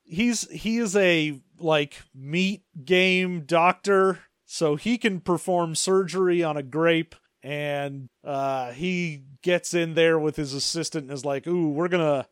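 A man's voice: a little high, slow, few pauses, clear, resonant tone, no room sound, clean studio sound. A man co-hosting a casual comedy chat, wry and joking with profane asides. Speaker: podcast co-host.

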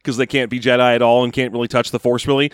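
A man's voice: mid-range voice, little pitch movement, fast talker, clean tone, no echo. A man co-hosting a podcast, chatting casually with dry, sarcastic jokes. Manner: dry, joking, riffs sarcastically. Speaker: podcast co-host. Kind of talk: casual chat.

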